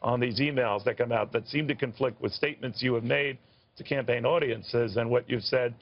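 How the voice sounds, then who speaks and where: A man's voice: medium pitch, fairly even intonation, fairly quick. A male news host leads a live television interview in a chatty, rambling way, with wry asides. His voice sits in a middle range. The broadcast audio is a little dull.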